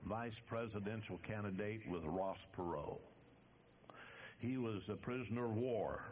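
An older man preaching a sermon in church, reading scripture slowly and emphatically, with some restarts and fillers. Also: on the low side, darkish tone, slight background noise.

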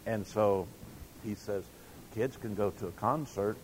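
A man's voice: on the low side, unhurried, slight background noise, low-quality recording. Older man preaching a folksy sermon. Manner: folksy storytelling with acted quotes.

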